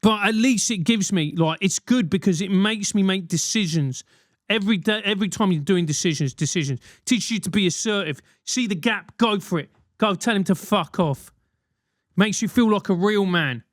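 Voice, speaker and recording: A man's voice: high-pitched, normal speed, no echo, studio quality. A man in his forties hosting a solo podcast, ranting animatedly with swearing and mock voices. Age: 40s. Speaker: podcast host.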